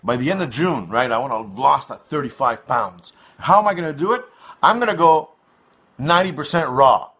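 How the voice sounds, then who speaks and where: A man's voice: mid-range voice, animated, fairly quick, sharp tone, slightly rough. A man from North America hosting his own online show, rambling through a crude, swearing monologue full of fillers.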